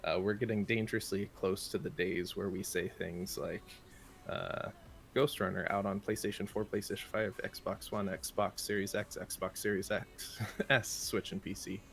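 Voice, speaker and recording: Gravelly-voiced male morning show co-host. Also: sits low, flat delivery, fairly bright tone. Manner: brisk list-reading with playful asides. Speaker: morning show co-host reading game news. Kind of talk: casual morning show banter.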